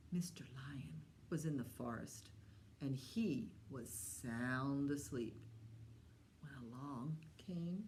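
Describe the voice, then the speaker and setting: Slow, animated storytime woman. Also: low-pitched, slight background noise. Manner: slow, gentle and animated, talking to young kids. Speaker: children's librarian storyteller. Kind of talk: children's storytime reading. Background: autoharp she plays before the story.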